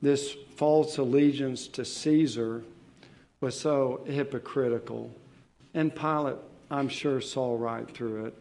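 A man preaching an expository sermon, slow and deliberate, pausing with fillers and restarting his phrases as he explains a Bible passage. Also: mid-range voice, fairly even intonation, dark tone.

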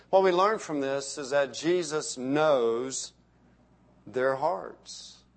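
A middle-aged male pastor preaching a sermon, building emphasis on key phrases and letting sentence endings fall soft. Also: mid-range voice, takes it slowly.

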